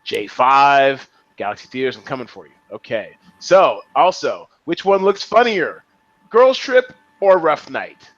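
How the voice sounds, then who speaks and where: Animated, playful male podcast host. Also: medium pitch, measured pace, highs cut off. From Las Vegas area. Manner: playful, joking, laughs often. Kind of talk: casual chat.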